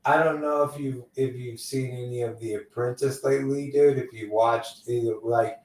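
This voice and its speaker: A man's voice: medium pitch, steady tone, normal speed, a little mellow, far from the mic. A man hosting a casual podcast interview, loose and rambling, tossing in "dude" a lot. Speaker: podcast host. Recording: echoey room, off-mic.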